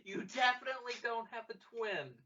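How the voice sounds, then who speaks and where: A man's voice: very high voice, animated, fairly quick, bright, forceful tone. A man on a podcast cracking jokes and chiming in during a casual chat. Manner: wisecracking, interjecting. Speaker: podcast co-host. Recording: distant, dull lo-fi mic.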